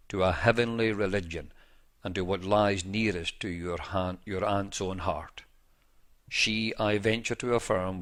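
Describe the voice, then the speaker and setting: A man reading a 19th-century pastor's first-person account aloud in a measured, formal, old-fashioned manner. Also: fairly low pitch, fairly bright tone. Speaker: reader.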